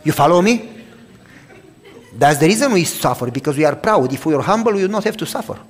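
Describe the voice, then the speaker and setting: A man's voice: on the high side, animated, a little fast, big-room sound. Romanian-accented man preaching in a church. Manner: dramatic, swings from loud outbursts to quiet hushed telling. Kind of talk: sermon with personal testimony.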